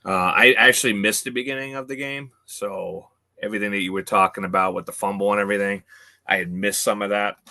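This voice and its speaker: A man co-hosting a sports podcast, talking casually with many pauses and fillers. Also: fairly low pitch, steady tone, pushed and bright. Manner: hesitant, lots of uh and um. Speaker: podcast co-host.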